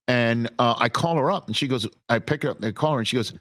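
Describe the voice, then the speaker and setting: A man chats as an interview guest in a mid-pitched voice, recorded close and dry with no room sound. He talks like a broadcaster spinning an anecdote, animated, stumbling into restarts and pressing on. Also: quick pace, dry recording. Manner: animated storyteller with many restarts. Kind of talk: casual interview talk.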